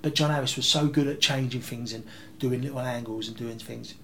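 A man, telling rambling, animated anecdotes as an interview guest. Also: mid-range voice, fairly quick, a little hiss or hum. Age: 30s. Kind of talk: casual interview storytelling.

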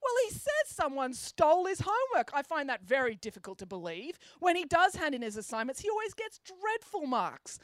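A woman's voice: high voice, wildly swooping pitch, brisk, hardly any pauses, no echo, pitched above the performer's own voice. A woman doing a blustering, shrieking male schoolteacher. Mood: indignant. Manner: snappish, indignant, shouting. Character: pompous blustering male science teacher.

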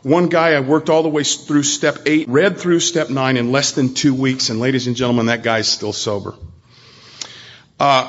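Man, convention speaker, earnest storytelling, addresses audience, mid-pitched voice, muffled lo-fi recording. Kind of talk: sharing a personal recovery story. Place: convention hall talk.

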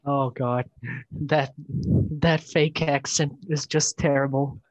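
A man's voice: medium pitch, steady tone, slow pace, rough recording. A man co-hosting a casual podcast, talking in a mock-formal way with dry jokes. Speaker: podcast co-host.

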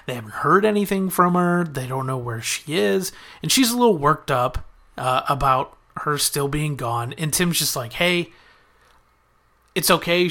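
A man's voice: medium pitch, pushed and bright. A man casually recapping a TV episode as a podcast host, chatting through the plot and quoting the characters in his own voice.

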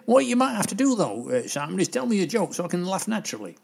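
A nervous older railwayman caller giggles and hesitates through his words, played by a man. His voice is high, gravelly and husky, and it swings up and down in pitch. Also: big pitch swings, fast talker, a little mellow, full character voice. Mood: giggly.

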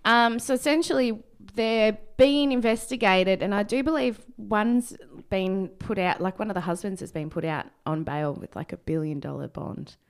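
A young woman chats on breakfast radio, walking her co-host through a news story. Her voice is smooth and resonant, at a middle pitch. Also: normal speed, hardly any pauses. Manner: chatty, explains news stories. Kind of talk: casual radio chat.

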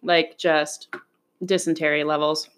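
A woman's voice: low-pitched, level tone, a little slow, fairly bright tone, slight background noise. A woman co-hosting a podcast, chatting frankly while eating, with crude jokes and an upbeat manner. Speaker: podcast co-host. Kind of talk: casual chat while eating.

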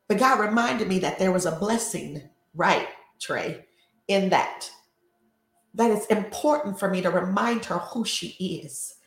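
An older woman hosts a faith talk show, preaching and telling stories in a conversational way, and she works as a host and life coach. Her voice is medium-pitched with vocal fry, and she speaks a little slowly. The recording has a roomy echo.

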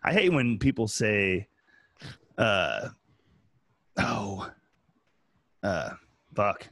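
A man guesting on a casual podcast, joking and swearing in animated banter. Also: fairly low pitch, very slow, dry recording, studio quality.

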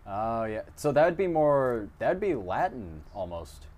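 A man co-hosting a casual podcast chat, rambling through half-remembered history, quick to correct the others and swearing casually. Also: mid-range voice, very animated, a little mellow. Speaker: podcast co-host.

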